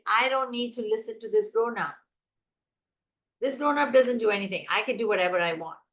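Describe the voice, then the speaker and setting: A woman giving an emphatic teacher training talk on classroom management, acting out examples as she goes. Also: a little high. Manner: energetic, emphatic, acts out examples. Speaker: early childhood educator.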